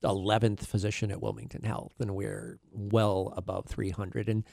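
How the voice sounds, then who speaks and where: A middle-aged man, a cardiologist, speaking as a guest in a radio interview, halting with many fillers and restarts. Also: fairly low pitch, steady tone, vocal fry, darkish tone, no room sound, clean studio sound.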